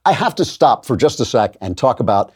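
A man's voice: medium pitch, fairly quick, breathy edge. A man hosting a commentary show, delivering an emphatic monologue with mocking asides. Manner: emphatic, animated, with mocking put-on voices.

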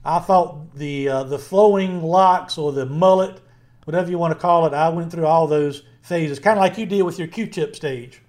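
A man's voice: a little high, normal speed, darkish tone. A middle-aged man with a Southern Virginia accent, co-hosting a casual podcast chat in a rambling, friendly way with many fillers. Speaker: podcast co-host.

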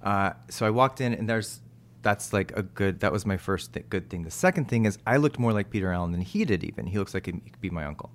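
A man's voice: on the low side, animated, quick pace. A man from Texas chatting casually in an interview, joking at his own expense and acting out quotes from others. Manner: chatty, self-mocking, full of asides and quoted voices. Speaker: actor and TV host, interview guest. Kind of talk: casual chat.

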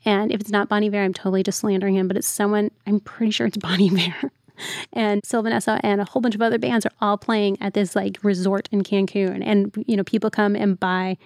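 A woman's voice: mid-range voice, flat delivery, fast talker, a little mellow, no echo, studio quality. A woman writer, the guest on a podcast, chatting casually and telling stories with lots of "like" fillers. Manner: chatty storyteller, many "like" fillers. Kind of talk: casual interview chat.

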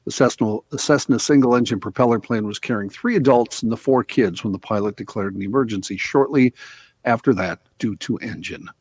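A man's voice: mid-range voice, brisk, no echo. A man hosting a casual talk radio show, reading news stories aloud and then chatting about them with his co-hosts. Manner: reads news items then chats loosely.

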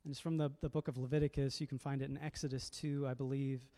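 A man's voice: mid-range voice, level tone, fast talker, warm tone. A man preaching a sermon as a pastor, reflective and conversational, often repeating words as he goes.

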